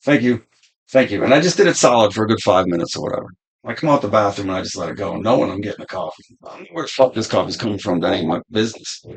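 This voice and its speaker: A man's voice: lowish voice, expressive, rapid-fire, breathy edge. A man in his fifties talking as a podcast guest in a laid-back, rambling way, swearing freely as he muses about life. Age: 50s. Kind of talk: casual conversation, philosophical storytelling.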